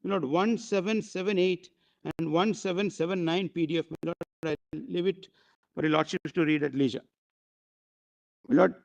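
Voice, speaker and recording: High-voiced Indian advocate addressing the bench. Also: male voice, fairly even intonation, creaky. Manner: addresses the bench as "my lord" constantly, with halting fillers. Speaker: advocate arguing before the court. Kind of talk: formal courtroom argument. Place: courtroom.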